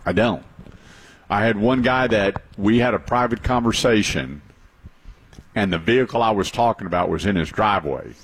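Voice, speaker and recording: A man's voice: lowish voice, normal speed, slight background noise. A man hosting a radio talk show about cars, chatty and emphatic, telling stories with repeated points. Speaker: radio show host, car advisor.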